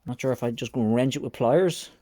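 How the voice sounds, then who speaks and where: Talking fast in a mellow, medium-pitched voice, a man mutters to himself while restoring a motorcycle in his home workshop. His casual, self-deprecating commentary comes through a close mic as he works, with slight background noise.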